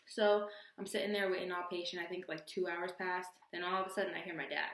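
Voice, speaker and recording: A young adult woman telling a storytime vlog with expressive, animated delivery and acted-out quotes. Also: fairly low pitch, fast, reverberant. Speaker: vlogger.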